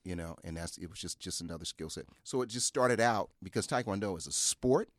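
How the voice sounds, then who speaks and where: A low-voiced man shares stories in relaxed conversation as a podcast guest. He gets lively when he acts out what others said. His voice is close and dry, with no room echo. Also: a little fast. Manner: animated storyteller, jumps high acting out quoted voices. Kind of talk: casual storytelling.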